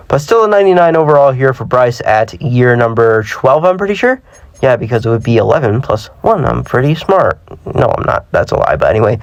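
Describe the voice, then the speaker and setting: A young man with a mid-range voice commentates a football simulation game for his gaming channel, recorded with no room sound. He's chatty and self-deprecating, often trips over his words, and sounds slightly sick.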